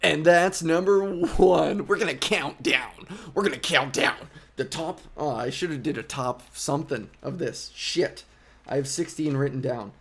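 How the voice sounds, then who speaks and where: A man's voice: fairly high pitch, measured pace, creaky. A male comedian hosting a podcast alone, talking in a casual, rambling monologue, interrupting himself and swearing. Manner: rambling, self-interrupting, profane.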